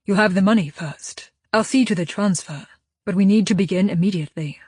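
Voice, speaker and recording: A woman voicing a firm, steady man who leads the group and bargains calmly. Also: medium pitch, slightly rough, no room sound, clean studio sound, close to an everyday voice. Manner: firm, measured.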